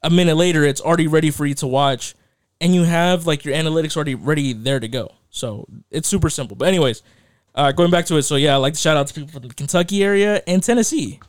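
Young male podcast co-host, casual chat, emphatic and repetitive, slightly high voice, close dry sound. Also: fast talker, no room sound. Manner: emphatic, repeats himself, says bro and dude.

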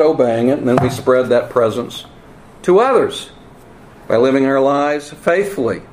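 A man preaching a teaching sermon, earnest and emphatic, with wry asides and halting repeats. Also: mid-range voice, slight background noise. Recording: roomy echo, faint ambience.

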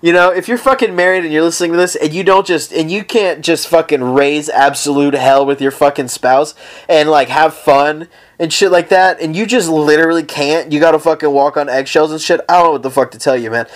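A man's voice: fairly high pitch, a little fast. Foul-mouthed man ranting on his podcast. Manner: profane, rambling, comic ranting. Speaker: podcast host. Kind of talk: casual solo podcast rant. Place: at home, lying down.

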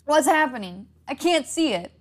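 A woman's voice: high voice, animated, normal speed, voice pushed up. A woman voicing a brash teenage boy who scoffs and mocks his friends in a horror story. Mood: panicked. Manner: scoffing, mocking, cackling.

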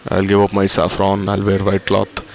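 Man doing a greedy worldly devotee, whiny, demanding, low flat voice. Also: moderate pace. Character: worldly male devotee craving pleasures.

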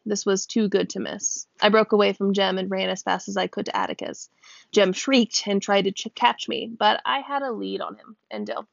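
A woman reads a novel aloud in a gravelly, creaky voice, nudging her pitch up a little when characters speak. The recording is dry and somewhat dull, with no room sound. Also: fairly even intonation, moderate pace, dry recording. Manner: stops to check a word's pronunciation and laughs. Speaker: reader.

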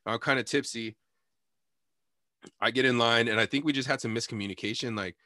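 A man telling a rowdy night-out story in casual chat, swearing and quoting people in sudden high voices, laughing often. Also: fairly quick, pauses often, no room sound, clean studio sound. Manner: animated storytelling, swearing, quoting people with big pitch jumps.

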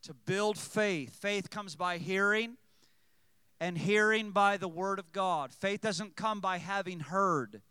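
A man's voice: high voice, slow pace, bright, forceful tone, clear, resonant tone, no room sound. A man preaching a sermon, reading scripture aloud and calling out to his congregation. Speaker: pastor.

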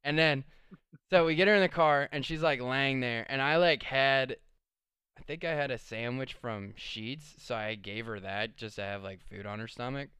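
A man's voice: medium pitch, moderate pace, pushed and bright, smooth, no room sound. A young man telling a rambling party story in casual chat, laid-back, with plenty of swearing and filler words. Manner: laid-back, swears a lot, lots of "like" and "dude".

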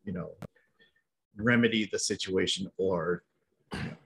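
A man's voice: deep voice, unhurried, creaky, fairly bright tone, slightly rough. A man hosting an interview, asking hesitant, meandering questions full of fillers. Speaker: interview host. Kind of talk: conversational interview.

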